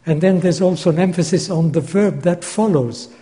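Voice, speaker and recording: A man preaching a Bible teaching sermon, measured and deliberate, repeating key phrases for emphasis, recorded in a large church hall. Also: high-pitched, mellow. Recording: long hall reverb.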